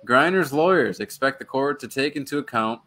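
A man's voice: mid-range voice, expressive, fairly quick, pushed and bright. A man in his thirties co-hosting a casual sports podcast, joking dryly and reading news articles aloud. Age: 30s. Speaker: podcast co-host.

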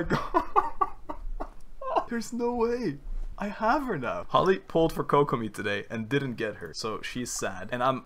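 A young man giving casual gameplay commentary, excitable and joking, laughing often and swearing casually. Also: medium pitch. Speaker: gaming content creator.

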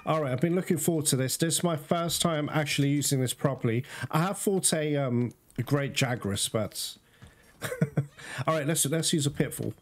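A man giving casual gameplay commentary, talking straight to his viewers and quickly cursing when things go wrong. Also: fairly high pitch. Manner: talks straight to viewers, quick to curse in frustration. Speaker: gaming video host.

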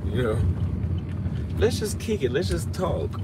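A man's voice: fairly high pitch, big pitch swings, measured pace, heavy background noise. A drunk man in a casual live-stream rant, profane and ranting, out on a city street at night. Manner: profane, ranting, slurring from drink.

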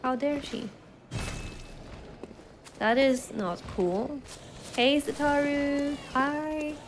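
A woman's voice: high-pitched, drawn-out words, noisy background. A woman streamer giving casual gameplay commentary, chatty and giggly, reacting aloud to what happens on screen. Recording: game music behind voice. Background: game music.

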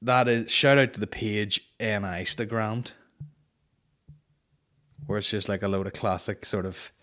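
A man's voice: lowish voice, fairly even intonation, measured pace, fairly bright tone. A Northern Irish man hosting a comedy podcast, chatting casually, swearing a lot and slipping into mocking impressions. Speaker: podcast host.

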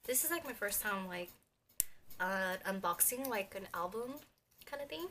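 A young woman, unboxing an album as a vlogger and gushing like an excited fan, with squeals and gasps between chatty asides. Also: medium pitch, normal speed, noisy background.

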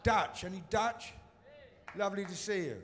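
A man's voice: high voice, normal speed, background noise. A man from Britain performing a stand-up routine on a comedy stage, teasing the crowd in a dry way.

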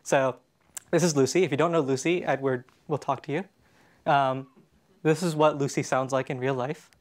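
A man's voice: medium pitch, fairly even intonation, moderate pace. A Canadian man giving a casual conference presentation, talking with many fillers and restarts. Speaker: conference speaker. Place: conference stage in a hall.

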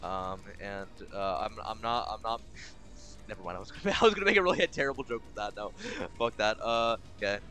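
A young man streaming a game, rambling in casual commentary, swearing often and swinging between exasperation and giddy excitement. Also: on the low side, a little fast, soft background music.

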